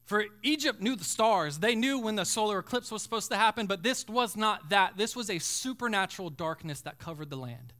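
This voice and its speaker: Male pastor, fervent sermon delivery, high and bright. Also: lively intonation, fairly quick, hardly any pauses. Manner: preaching with dramatic swells from hushed to shouting.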